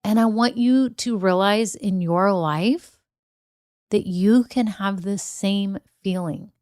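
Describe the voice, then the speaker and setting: A woman's voice: medium pitch, slow, darkish tone, no echo, studio quality. A middle-aged woman, hosting her own podcast from a room at home and talking straight to her listeners in an upbeat, chatty way. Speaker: podcast host. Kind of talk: solo podcast talk.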